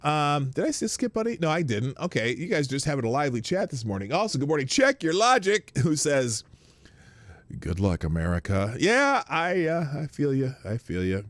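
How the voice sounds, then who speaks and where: Guy hosting a morning stream, chatty and rambling, lots of pitch swing, dead dry sound. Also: a little fast, few pauses, no room sound. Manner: animated, greets viewers by name, rambling asides. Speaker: live-stream host. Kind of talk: casual live-stream chat.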